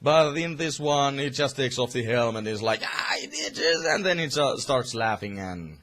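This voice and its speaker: A man's voice: medium pitch, expressive, normal speed, a bit bright. A young man casually reviewing a comic, rambling with many fillers and some swearing.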